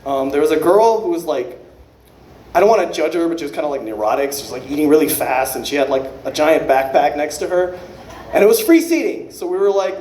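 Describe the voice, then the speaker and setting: A man doing an unrehearsed stand-up set, rambling and profane, with quick self-correcting asides. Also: sits high, a little mellow, roomy sound, a little hiss or hum. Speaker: stand-up comedian.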